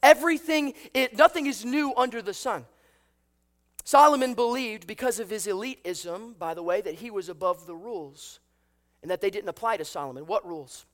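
A man's voice: high-pitched, moderate pace, a bit bright. A man preaching a sermon, telling a story with acted voices and asking the congregation rhetorical questions. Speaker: pastor.

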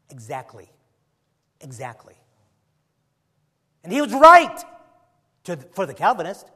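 A preacher with a high voice gives a conversational sermon. He is emphatic at times and often drifts into rambling asides. A long hall reverb hangs on his words. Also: huge pitch swings, slow pace, long pauses, bright, forceful tone, breathy edge.

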